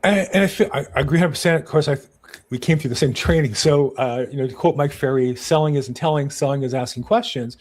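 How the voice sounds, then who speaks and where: A man's voice: fairly high pitch, fast talker, a little mellow. A man hosting a conversational interview, chatty and affirming, who laughs easily and tells stories. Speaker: interview host.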